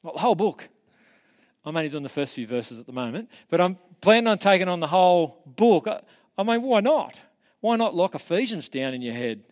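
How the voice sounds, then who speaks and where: A man giving a casual, earnest teaching talk, encouraging his listeners in a conversational way. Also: on the high side. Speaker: preacher.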